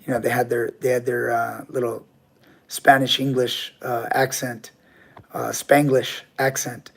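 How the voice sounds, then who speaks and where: A man's voice: medium pitch, level tone, measured pace, gravelly. A man, a grappling coach and channel host, telling a story in casual chat with his viewers, candid and swearing freely.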